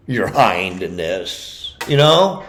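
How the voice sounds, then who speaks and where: Slow, combative, profane man. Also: low voice, big pitch swings, fairly bright tone, poor audio. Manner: combative, profane, addresses his target directly. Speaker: true-crime commentator. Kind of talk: ranting commentary.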